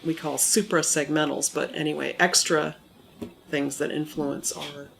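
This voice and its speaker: A speaker in the middle pitch range who explains things in a measured, teacherly way during an interview. A recent cold leaves the voice sounding a little monotone. There is faint noise behind the voice. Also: vocal fry. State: recovering from a cold, somewhat monotone. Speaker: accent modification instructor.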